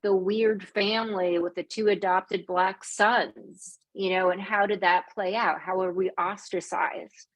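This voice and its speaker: A woman's voice: mid-range voice, fairly even intonation, measured pace, hardly any pauses, dry recording. A woman author talking in a casual, chatty way on a video call, often saying "like". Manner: conversational, chatty, uses "like" often. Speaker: memoir author guest.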